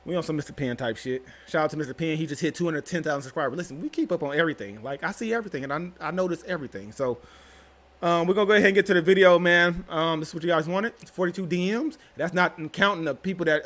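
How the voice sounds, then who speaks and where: A young man runs his own channel and chats directly to his viewers, loose, slangy and rambling. His voice sits a little high and a bit bright, and he talks fast.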